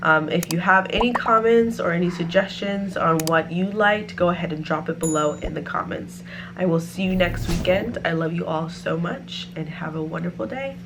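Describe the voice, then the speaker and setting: A woman's voice: fairly low pitch, normal speed. A woman vlogger in casual chat, talking through home decor picks and thinking aloud with lots of "like" and "um".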